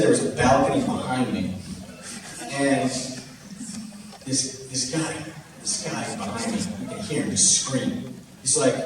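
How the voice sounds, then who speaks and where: A man's voice: mid-range voice, noisy background. A young man telling a funny story on stage, laughing and acting out the lines he quotes. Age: young adult. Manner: animated, laughing, acts out quotes loudly. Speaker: student comedian telling a story. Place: stage in a large hall. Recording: far-off echoey hall recording.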